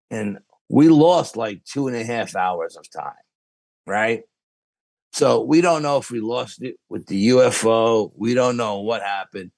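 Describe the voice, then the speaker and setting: Man, New York accent, gravelly voice, dry recording, storyteller acting out dialogue. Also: fairly low pitch, no room sound. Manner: animated storyteller with quoted dialogue. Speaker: podcast guest. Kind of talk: casual storytelling.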